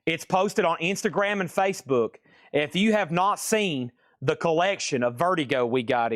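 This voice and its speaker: A man's voice: fairly high pitch, animated, dry recording. Dry-voiced man calling auction prices. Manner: jokey, rapid price calls. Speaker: live auction host. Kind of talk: live-stream record sale.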